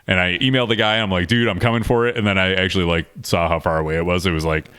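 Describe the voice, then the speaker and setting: A man co-hosting a casual podcast, relaxed and quick to chuckle. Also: low-pitched, clear, resonant tone. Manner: relaxed, chuckles, quick back-channel replies. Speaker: podcast co-host.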